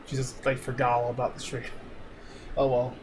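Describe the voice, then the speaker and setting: A man's voice: medium pitch, completely flat delivery, moderate pace, darkish tone, slight background noise. A man streaming, reacting to old clips in loose casual chat, laughing a lot and swearing freely.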